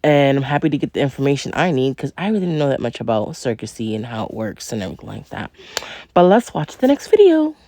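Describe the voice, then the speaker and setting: A woman's voice: extremely low pitch, very animated, quick pace, dark tone, no echo. A woman hosting a reaction video, talking straight to her viewers in an indignant, emphatic way. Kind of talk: casual reaction commentary.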